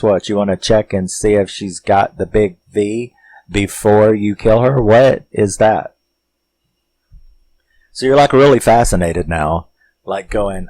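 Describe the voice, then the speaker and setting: A man's voice: fairly low pitch, slow, darkish tone, no echo, low-quality recording. A man giving a casual, rambling horror film review, swearing freely and chuckling, with plenty of filler words.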